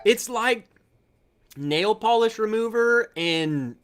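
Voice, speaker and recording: A man with a high-sitting, slightly bright voice hosts a casual livestream chat, speaking slowly with lively intonation over slight background noise. He laughs often and repeats words when he starts talking.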